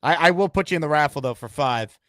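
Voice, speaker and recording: A man's voice: a little high, lively intonation, fast, fairly bright tone, no room sound, clean studio sound. A man hosting a live-streamed call-in show, upbeat and hyping up callers and superchats. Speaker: host.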